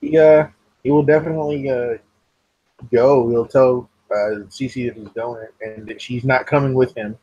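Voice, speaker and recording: A man's voice: mid-range voice, steady tone, normal speed, warm tone, slightly rough, no echo, dull audio. A man playing a tabletop role-playing game, speaking tersely and dryly with some hesitations. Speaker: player in a tabletop role-play. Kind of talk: casual in-character role-play chat.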